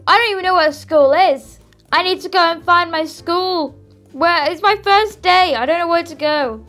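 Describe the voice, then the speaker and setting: A young woman giving excitable let's play commentary, bursting into squeals and shouts. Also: extremely high pitch, normal speed, faint music behind. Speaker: gaming YouTuber.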